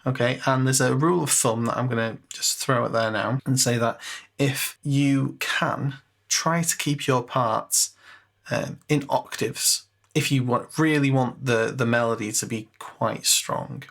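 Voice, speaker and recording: A man's voice: medium pitch, a little slow, vocal fry, fairly bright tone. A man giving a casual screen-share tutorial on composing music, chatty and self-mocking, thinking aloud with fillers.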